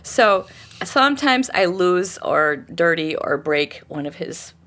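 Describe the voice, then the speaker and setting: Animated woman telling stories, in her fifties. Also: on the low side, takes it slowly. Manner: animated storyteller acting out quoted voices. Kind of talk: casual conversation.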